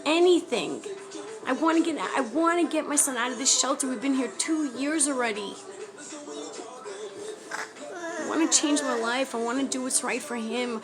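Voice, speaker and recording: A woman makes an emotional appeal to camera from a shelter. Her voice sits a bit high and her delivery is pleading and urgent. Music plays clearly underneath her, as on a phone recording. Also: normal speed, pauses often. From New York. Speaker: mother appealing for help. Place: homeless shelter.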